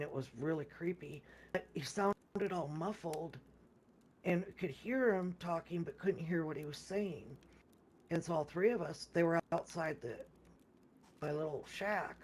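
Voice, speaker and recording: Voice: medium pitch, unhurried, slight background noise. A person casually retelling a game session at length, rambling with many restarts and repeated words, and quoting others' lines along the way. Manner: acts out others' lines in quoted speech. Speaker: gamer recounting a game session. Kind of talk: casual storytelling.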